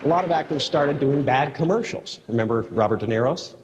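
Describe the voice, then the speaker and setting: A man's voice: mid-range voice, lively intonation, fairly quick, big-room sound, lo-fi sound, very noisy. A man telling jokes in a playful way.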